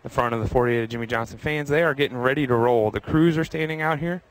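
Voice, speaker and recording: A man's voice: medium pitch, fast talker, rough recording. Upbeat man touring a race garage. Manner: upbeat, chatty, talks to viewers by name; walking while talking. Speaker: host. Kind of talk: live walking tour commentary. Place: racetrack garage area, outdoors in wind.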